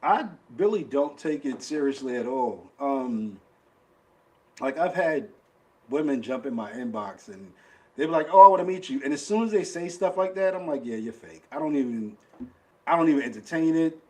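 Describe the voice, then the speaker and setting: Blunt New man, high voice. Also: animated, moderate pace, a little mellow. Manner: blunt, acts out quoted voices. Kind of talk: casual chat.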